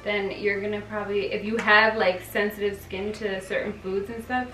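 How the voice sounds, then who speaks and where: A young woman hosts a casual home vlog and talks through a facial, leaning on "like" between almost every thought. She sits back from the mic in a room with a lot of echo, with quiet music playing underneath. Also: mid-range voice, flat delivery, normal speed. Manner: chatty, fillers of "like". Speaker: vlog host giving a facial. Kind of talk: casual chat. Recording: echoey room, far from mic, faint music.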